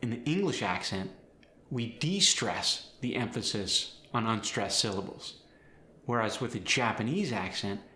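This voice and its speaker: A man coaching accents, explaining step by step in a clear, instructional way. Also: fairly low pitch, animated, a little slow, sharp tone, reverberant. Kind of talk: instructional lesson.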